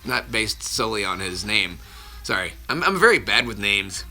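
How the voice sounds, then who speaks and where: Man, voice actor, casual livestream chat, rambling and self-interrupting, gravelly, very bright tone, phone mic at home, faint background noise. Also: on the low side, sing-song, normal speed. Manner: rambling, self-interrupting, chuckling between answers. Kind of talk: casual livestream chat answering viewer questions. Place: at home with his children nearby.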